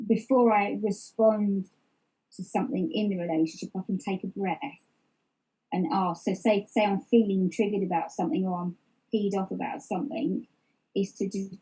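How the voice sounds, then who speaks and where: This middle-aged woman has a mellow, medium-pitched voice with a breathy edge. Candid and reflective as a guest in an open personal interview, she frequently restarts sentences and uses many fillers. The recording quality is low.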